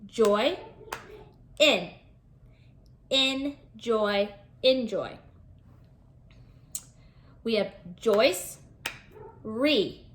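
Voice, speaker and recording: A woman teaching a first-grade phonics lesson from home, sounding out word parts slowly and clearly for parents and children. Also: a little high, fairly bright tone. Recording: echoey room.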